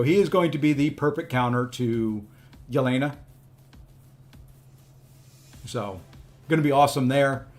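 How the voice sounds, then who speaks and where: A man streaming a mobile game, chatting casually with viewers and often filling pauses with ums. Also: fairly high pitch. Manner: chatty, frequent ums and restarts. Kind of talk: casual livestream commentary.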